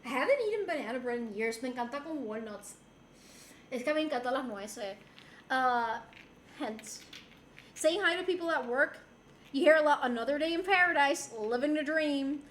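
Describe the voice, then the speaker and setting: A woman's voice: high voice, lively intonation, normal speed, pauses often, fairly bright tone. Laughing woman streamer. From Puerto Rico. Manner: laughs often, switches between English and Spanish. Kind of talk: casual chat with viewers. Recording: roomy with faint background noise.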